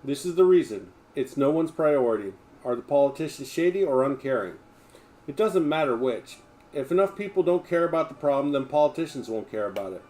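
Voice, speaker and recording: A man's voice: medium pitch, a little mellow. A man reading a memoir aloud on a livestream, in an emphatic, blunt manner with plenty of swearing.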